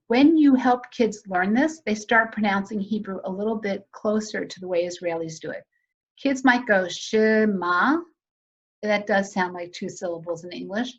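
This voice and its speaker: A woman's voice: medium pitch, breathy edge. Woman explaining on a dull video call. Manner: conversational, explanatory, asks audience questions. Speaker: Hebrew teaching presenter. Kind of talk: virtual teacher training webinar.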